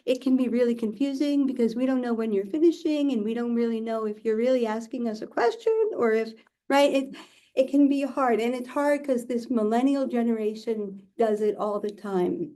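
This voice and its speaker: A woman presentation-skills instructor coaching a class in a demonstrative, animated way, often checking in with "right?". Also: a little high, moderate pace. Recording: roomy sound from a distant mic.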